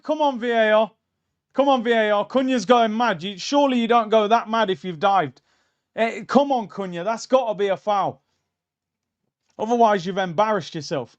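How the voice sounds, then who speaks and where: A young man hosting a live football watchalong, reacting bluntly and excitedly to the match. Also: high voice, dull audio.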